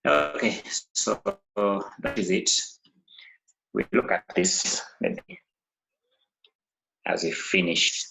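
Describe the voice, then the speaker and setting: A man's voice: very deep voice, creaky, bright, forceful tone, poor audio. A male English teacher, giving an exam revision lesson and listing topics in short phrases. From Kenya.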